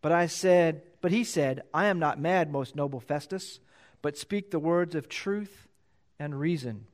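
A pastor preaching a sermon, reading scripture aloud and repeating key phrases for emphasis. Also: male voice, measured pace. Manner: reads scripture louder and higher, then drops low to explain.

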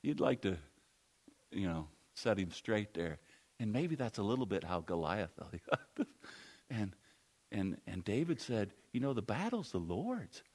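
A man's voice: lowish voice, animated, measured pace, pauses often, a little mellow. Man preaching a rambling story sermon. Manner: rambling storytelling with many fillers.

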